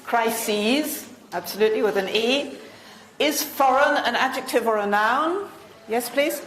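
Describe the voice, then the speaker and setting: A woman from Britain leading a teacher-training workshop, asking the audience quiz questions and briskly confirming their answers. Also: fairly high pitch, fairly bright tone. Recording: echoey room.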